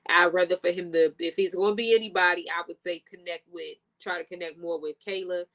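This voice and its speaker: A woman's voice: fairly low pitch, fairly even intonation, fairly quick, fairly bright tone. A woman co-hosting a casual review chat over a video call, talking in slangy, chatty bursts and laughing often. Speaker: co-host of a reality show review.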